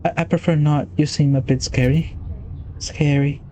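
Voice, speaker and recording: A man voicing a small, sleepy, frightened ghost with a scratchy, deep little voice. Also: fairly even intonation, normal speed, mellow, lightly acted. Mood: timid.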